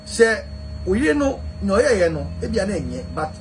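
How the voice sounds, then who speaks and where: A man's voice: high-pitched, big pitch swings, fairly quick, faint music behind, low-quality recording. A man with a Ghanaian accent, talking casually and animatedly as a guest, mixing Twi and English. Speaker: celebrity guest. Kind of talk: casual chat.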